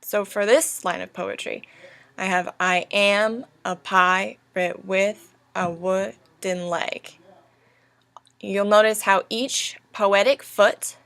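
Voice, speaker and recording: A young woman teaching a recorded lesson over slides, speaking slowly and deliberately as she spells out each stress. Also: mid-range voice, creaky, fairly bright tone, no room sound.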